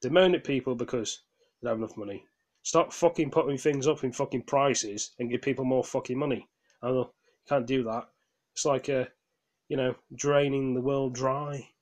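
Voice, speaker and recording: A man's voice: mid-range voice, steady tone, normal speed, a little mellow. A man vents in a rambling casual vlog rant. His voice sounds tired, and he talks in a heated way, swears, stumbles over restarts and apologizes to his viewers. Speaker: gaming vlogger. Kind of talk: casual ranting monologue.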